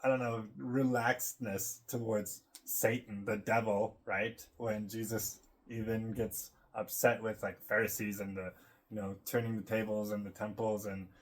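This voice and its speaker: A man's voice: fairly low pitch, little pitch movement, a little slow. A man vlogging in a casual, meandering monologue, full of fillers and frequent laughs. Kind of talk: casual rambling monologue to camera.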